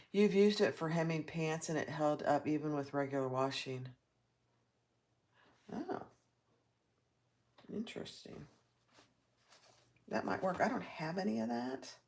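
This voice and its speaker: Low-voiced, unhurried woman hosting a sewing livestream. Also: creaky, a little mellow, slight background noise. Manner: chatty, reacts aloud while working, reads viewer comments. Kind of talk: live sewing tutorial, chatting with viewers.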